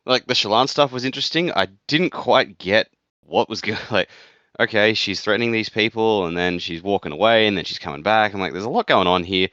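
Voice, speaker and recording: A man from outside the United States co-hosts a casual book-club podcast in a fairly low, fairly quick, sharp-toned voice. He's blunt, swears freely and laughs often, and the recording has no room sound but cut-off highs.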